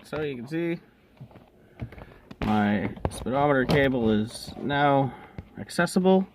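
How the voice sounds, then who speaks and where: A home mechanic with a mid-range voice and lively intonation talks slowly through a casual car repair in a workshop, rambling and correcting himself as he breathes heavily from the work. He filmed alone on a camera he set up with no operator, and background noise can be heard.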